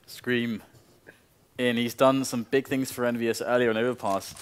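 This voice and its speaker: A male commentator calling a live esports match at an average pitch. His analysis runs at an even pace, and on big plays his voice climbs into excited bursts. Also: moderate pace, clear, resonant tone.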